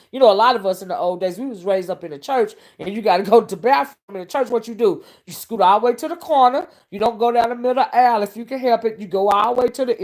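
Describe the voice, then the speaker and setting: A woman's voice: on the high side, darkish tone. A woman vlogger chatting casually to her viewers, calling them honey and y'all and often asking if they see what she's saying. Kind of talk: casual live-stream commentary.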